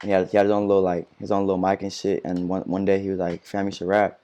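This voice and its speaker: A man's voice: sits low, monotone, fast, warm tone. A teenage man telling a story in a casual interview, slangy and profane, full of fillers and restarts. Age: teens. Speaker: interview guest, rapper.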